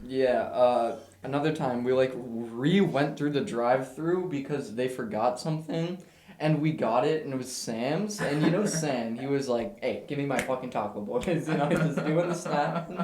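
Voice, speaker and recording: A man's voice: mid-range voice, moderate pace, darkish tone, echoey room. A young man co-hosting a podcast, joking and swearing in casual banter with lots of laughter. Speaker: podcast co-host. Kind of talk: casual chat.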